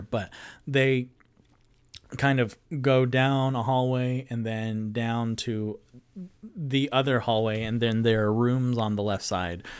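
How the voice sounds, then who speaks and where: A man's voice: mid-range voice, clear, resonant tone. A man narrating a solo tabletop game as game master, meandering with many fillers.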